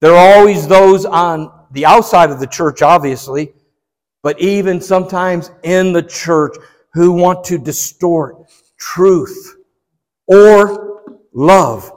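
A man's voice: high voice, slow pace, in a large hall. A man preaching a sermon as pastor, swinging his emphasis up and down and putting rhetorical questions to the congregation.

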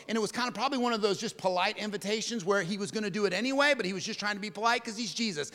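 A male preacher delivering a sermon in a dramatic way, swinging from emphatic lines to hushed ones. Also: high-pitched, in a large hall.

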